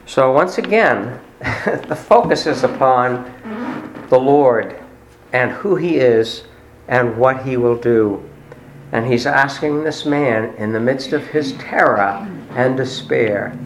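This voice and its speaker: A man delivering a sermon, retelling a story in a conversational way with pauses and fillers. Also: medium pitch, a little hiss or hum. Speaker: preacher. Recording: roomy echo.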